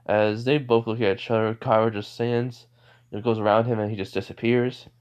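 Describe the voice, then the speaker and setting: A man's voice: on the low side, little pitch movement, fairly quick, clean tone. Rambling young man retelling a fan story. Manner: rambling, many fillers and restarts, laughs often. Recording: dull lo-fi recording.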